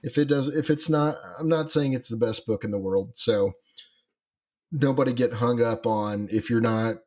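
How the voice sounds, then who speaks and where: A man's voice: medium pitch, normal speed, a little mellow. A man co-hosting a podcast in casual chat, rambling with many fillers and restarts. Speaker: podcast co-host.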